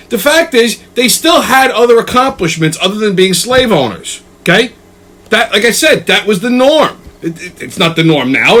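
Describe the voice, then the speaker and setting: A man rants in a high, bright voice with a sharp edge. His pitch swings widely as he piles up exasperated, profane asides, checking in with a constant "okay?". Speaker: host. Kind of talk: ranting comedic commentary.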